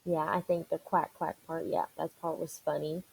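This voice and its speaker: Woman teacher, picture-book read-aloud: encouraging, asks the kids questions, dark mellow tone. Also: low-pitched, little pitch movement, moderate pace, vocal fry, slightly rough, low-quality recording. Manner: encouraging, asks and answers questions for young listeners.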